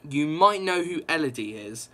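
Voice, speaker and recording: A young man recapping a comic book issue in a casual, excited ramble, full of "like" and quick reactions. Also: fairly high pitch.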